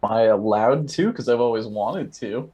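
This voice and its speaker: Guy player, deadpan, normal pitch. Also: normal speed, breathy edge. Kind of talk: tabletop game chat.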